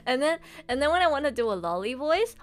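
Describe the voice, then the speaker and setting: A woman voice actress chatting casually on a livestream, excitable and gushing, laughing often. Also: high voice, normal speed, faint music behind. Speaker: streamer and voice actress.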